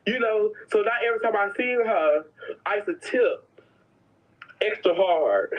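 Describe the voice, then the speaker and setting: A woman's voice: medium pitch, lively intonation, a little slow, long pauses. A woman telling prison stories in a casual, sassy, dramatic way, slipping into other people's voices. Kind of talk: casual storytelling. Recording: dull lo-fi sound.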